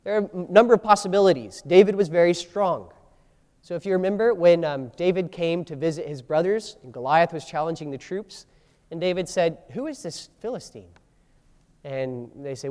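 A man's voice: on the high side, lively intonation, moderate pace, a little mellow, long reverb tail. A man preaching a sermon, acting out scripture quotes with changing voice and emphasis. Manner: acts out biblical quotes with shifting voices and emphasis. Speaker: pastor.

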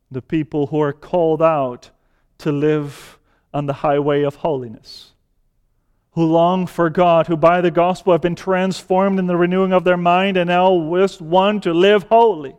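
Male preacher, slow measured delivery that swells into fervor, reverberant sanctuary sound. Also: on the high side, a little mellow, smooth. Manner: builds to fervent emphasis, slow deliberate phrasing. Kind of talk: sermon. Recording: long hall reverb.

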